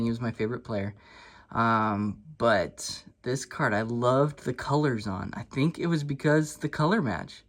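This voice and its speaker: Man, thirties, easygoing card-collecting vlogger, rambling and self-deprecating delivery. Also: mid-range voice. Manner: relaxed and rambling, with many fillers and restarts. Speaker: sports card collector and channel host. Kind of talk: casual storytelling vlog.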